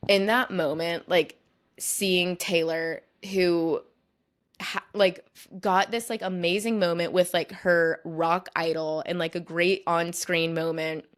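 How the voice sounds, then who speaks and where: A woman's voice: on the low side, steady tone, slow. A young woman hosting a podcast, telling a long story in a chatty way and filling her sentences with "like". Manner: chatty, fills nearly every phrase with "like". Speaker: podcast host. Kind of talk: casual storytelling monologue.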